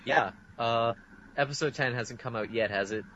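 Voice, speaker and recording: A mid-pitched man drops wry jokes into casual podcast chat. His mic sounds dull and lo-fi, with a faint hiss and some clicks behind him. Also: moderate pace, fairly bright tone. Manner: wry, joking asides. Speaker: podcast co-host. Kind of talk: casual chat about TV shows.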